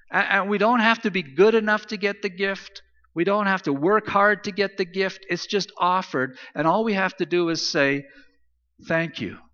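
Man, pastor, sermon, forceful bright voice, emphatic repetition, dull sound. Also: high voice, in a large hall. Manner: emphatic, repetitive preaching cadence.

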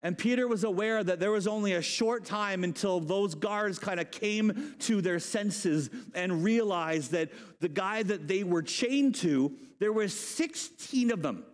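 A male pastor delivering a lively, joking sermon with a high voice. His talk is loose and conversational, and it carries a long reverb from a large hall. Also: unhurried, few pauses. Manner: animated, humorous, conversational.

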